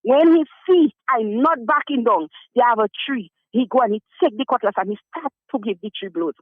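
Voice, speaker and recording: A man calls in to a radio show, his voice strikingly high. He pleads urgently and circles back over the same points. The sound is a dry, tinny phone line. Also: brisk, dry recording. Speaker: caller. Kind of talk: call-in radio complaint. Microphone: telephone.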